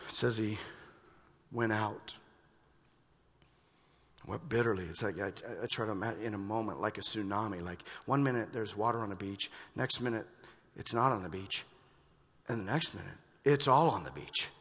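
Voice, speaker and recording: A male pastor preaching a sermon, moving between hushed reflection and loud, urgent emphasis. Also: lowish voice, normal speed, slightly rough. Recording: long reverb of a large hall.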